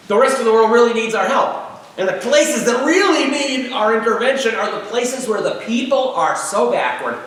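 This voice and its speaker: A man's voice: high-pitched, fairly bright tone. Man lecturing in a very echoey hall. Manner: dry wry humor, frequent "uh" pauses. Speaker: author giving a book talk. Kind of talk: public lecture with read-aloud quotes. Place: church meeting house, live audience. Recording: very echoey hall, distant mic, faint noise.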